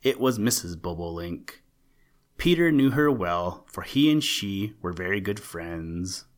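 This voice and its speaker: A man hosting a podcast, reading a children's animal story aloud in a calm, measured way. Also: low-pitched.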